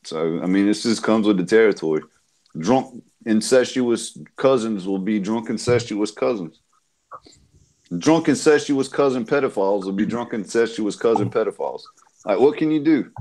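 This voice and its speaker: Crude joking man, animated voice. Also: fairly low pitch, normal speed. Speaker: panel guest on a live stream. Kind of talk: casual chat.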